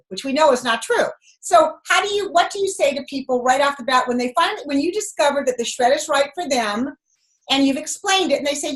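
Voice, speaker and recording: A woman's voice: high-pitched, expressive, brisk, fairly bright tone. A woman on a team conference call asking a long, chatty question.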